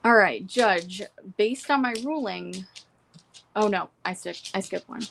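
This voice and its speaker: A young adult woman casually recapping courtroom notes from home, reading quotes and adding quick asides. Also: medium pitch, gravelly, fairly bright tone, a little hiss or hum. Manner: reads court quotes then adds asides. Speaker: trial reporter. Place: home room with pets.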